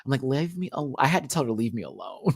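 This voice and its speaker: A man hosting a casual live-stream review, chatty and sassy, calling viewers honey and child, often swooping up into high exclamations. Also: lively intonation, rapid-fire, creaky, a little hiss or hum. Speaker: show review host.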